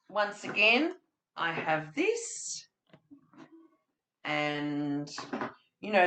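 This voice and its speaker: A woman's voice: mid-range voice, pushed and bright, rough recording. A woman presenting a webinar for childcare educators, demonstrating storytelling with props and acting out story voices and sounds. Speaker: webinar presenter for family day care educators.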